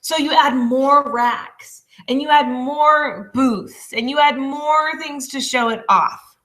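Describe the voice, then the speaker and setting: Woman in her twenties, business coach, bright clear voice, chatty and laughing. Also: sits high, slow pace. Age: 20s. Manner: chatty, laughs often, apologizes. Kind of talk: coaching webinar lesson.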